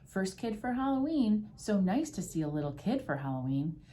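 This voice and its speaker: A woman's voice: medium pitch, big pitch swings, normal speed, warm tone, lightly acted, poor audio. Woman doing a cheerful big man. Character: friendly big man at a door.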